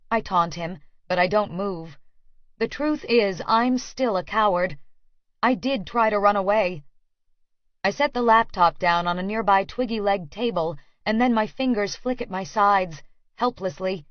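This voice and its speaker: A woman reading a first-person story as an audiobook narrator, measured and earnest. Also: mid-range voice, no room sound. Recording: dry, slightly dull studio audio.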